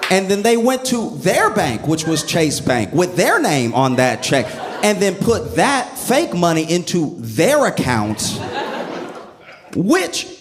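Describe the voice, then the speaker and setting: A man telling a stand-up comedy bit with animated storytelling, the audience laughing along. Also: sits high, slow, crowd noise.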